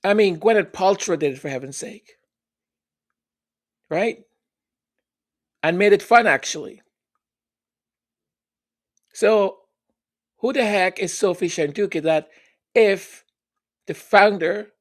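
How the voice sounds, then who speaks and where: A commentary host speaking sarcastically, with emphatic rhetorical questions. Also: mid-range voice. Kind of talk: opinion commentary.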